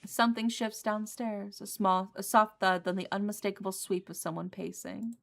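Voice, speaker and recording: A woman's voice: medium pitch, steady tone, a little fast, vocal fry, fairly bright tone. A woman streamer who reads a visual novel's narration aloud and breaks off into blunt, profane chat, laughing often. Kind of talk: reading game narration and casual chat.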